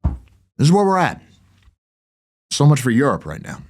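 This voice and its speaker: Sarcastic man with a lively, swinging pitch. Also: a little slow. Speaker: podcast host. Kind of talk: political commentary monologue.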